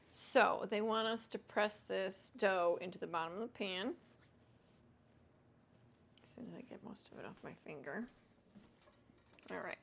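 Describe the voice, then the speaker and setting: A woman's voice: mid-range voice, gravelly, a bit bright, slight background noise. A woman hosting a home cooking vlog, chatting casually and self-deprecatingly to viewers as she cooks. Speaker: home cooking show host.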